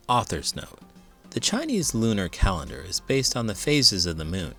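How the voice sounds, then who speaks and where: Expressive man reading a picture book. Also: fairly low pitch, normal speed, faint music behind. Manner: expressive, dramatic storytelling. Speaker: teacher and children's book reader. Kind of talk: children's read-aloud narration.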